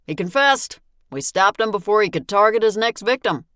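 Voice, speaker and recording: A woman's voice: medium pitch, expressive, moderate pace, a bit bright, no room sound, studio quality, pitched above the performer's own voice, lightly acted. A woman voicing a protective middle-aged father in an audiobook, speaking firmly and matter-of-factly.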